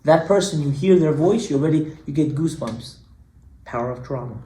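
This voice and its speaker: Animated storytelling rabbi, fairly high voice. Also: male voice, fairly quick. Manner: animated storyteller, swinging between hushed and emphatic. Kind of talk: sermon with storytelling. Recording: echoey room.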